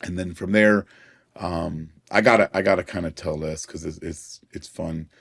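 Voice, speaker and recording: A man's voice: sits low, steady tone, moderate pace, creaky. A middle-aged man, a podcast guest, telling personal stories in an earnest way and chuckling now and then. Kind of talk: personal storytelling in a conversation.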